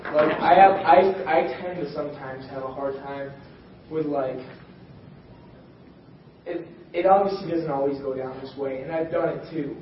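A man's voice: fairly high pitch, normal speed, pauses often, very echoey, far from the mic, lo-fi sound, a little hiss or hum. A man in a group discussion raising a concern, speaking hesitantly with many fillers and restarts. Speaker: group member. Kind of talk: casual discussion.

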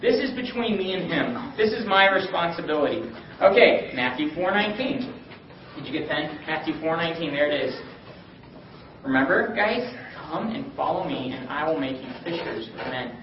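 A high-pitched man teaches a small group, reading scripture and tossing questions to listeners by name. He sounds far from the mic in an echoey room, with a muffled, slightly noisy recording. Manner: animated, calls on listeners by name. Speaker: Bible study teacher.

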